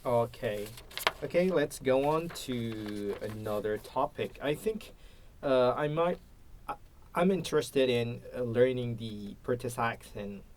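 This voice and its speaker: A man's voice: mid-range voice, unhurried, a little mellow, slight background noise. Hesitant man practicing English. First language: Indonesian. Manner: hesitant, searching for words. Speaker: English learner, teacher. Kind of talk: casual English speaking practice.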